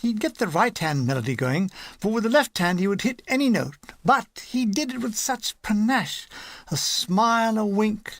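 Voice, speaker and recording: A man narrating a comic war memoir in a high, lively voice that rises and dips freely. He reads as an audiobook narrator and drops in voices for the people he describes. The recording is dry and close. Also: moderate pace, no room sound. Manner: lively, animated reading with put-on character voices. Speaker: audiobook reader.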